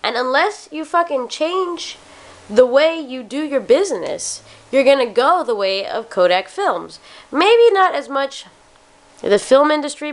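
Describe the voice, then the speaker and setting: Woman vlogger, blunt profane rant, a bit slurred, fairly high voice. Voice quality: slightly slurred speech. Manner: swears often, blunt and opinionated. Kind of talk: casual ranting monologue.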